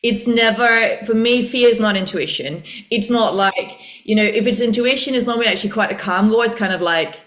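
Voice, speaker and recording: A woman with a slightly high voice hosts a relaxed conversation. She talks in an animated way, laughs often and acts out her inner voices as she goes. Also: brisk, hardly any pauses. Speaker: podcast host. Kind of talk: casual conversational interview.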